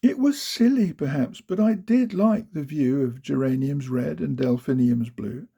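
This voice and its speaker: A man voicing a sad, sleepy male dormouse in a sickbed, speaking gently and wistfully in a storybook reading. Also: mid-range voice, a little slow, gravelly, husky, pitched below the performer's own voice.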